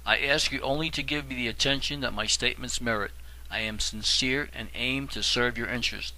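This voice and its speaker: A man voicing an aged, scholarly guide who speaks softly and courteously in an audiobook. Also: mid-range voice, poor audio. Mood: patient. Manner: soft, measured, polished. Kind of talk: audiobook reading.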